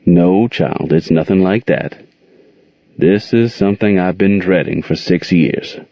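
A patient older aunt who soothes her young nephew in a soft, gentle voice, as a man reads her part. The voice is low and husky. It comes through a dull, close-miked recording. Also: a little slow, no echo. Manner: soft, soothing, calls him child.

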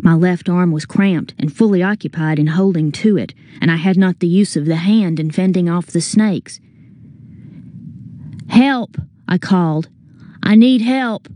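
A woman narrating a story as an audiobook reader, in a measured, earnest first-person telling. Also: fairly low pitch, warm tone.

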